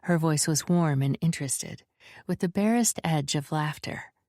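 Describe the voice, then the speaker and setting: Woman audiobook narrator: low, slow, measured, dry studio read. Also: darkish tone, dry recording. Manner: measured, descriptive reading. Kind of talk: scripted narration.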